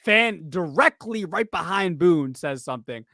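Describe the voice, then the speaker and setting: A man's voice: fairly high pitch, animated, unhurried, sharp tone, no echo. A man co-hosting a casual sports chat, rambling and interrupting himself with joking asides. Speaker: podcast co-host.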